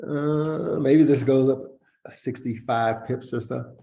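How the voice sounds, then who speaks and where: A man's voice: mid-range voice, fairly even intonation, takes it slowly, dark tone. A man hosting a casual market analysis chat, talking in a hesitant way with lots of fillers and restarts.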